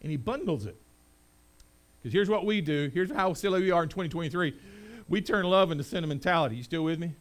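A middle-aged man preaching a sermon as pastor, rising to loud proclamation and dropping to quiet conversational asides. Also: on the high side, moderate pace, pauses often.

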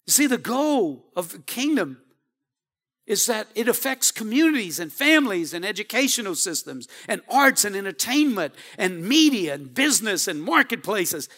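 A man with a high, bright voice preaches to his congregation. He calls for responses from the pews and swings between quiet, low passages and loud, rising appeals. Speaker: pastor. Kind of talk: sermon.

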